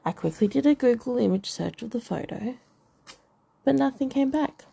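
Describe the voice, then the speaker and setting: A woman reads a first-person novel with a wry, self-mocking touch. Her voice is heavy with gravelly fry and a husky, breathy edge. The tone stays dark and mellow throughout. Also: fairly high pitch, lively intonation, normal speed. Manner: wry, dry humour. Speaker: audiobook narrator.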